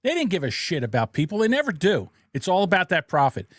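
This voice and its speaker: Podcast host, male, pitch slightly high, very lively delivery, dry close mic, blunt and profane. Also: fast, no echo. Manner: blunt, profane, animated storytelling. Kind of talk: casual political podcast commentary.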